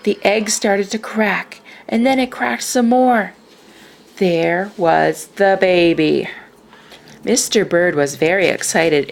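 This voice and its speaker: A woman reading a children's picture book aloud in a slow, expressive way. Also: mid-range voice, vocal fry. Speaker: storyteller.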